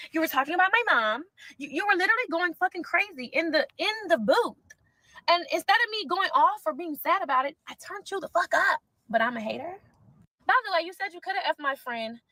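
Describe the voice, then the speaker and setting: A young woman, a content creator ranting loudly and sassily in a reaction vlog, swearing a lot. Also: extremely high pitch, dry recording, rough recording. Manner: loud, sassy, animated, swears a lot.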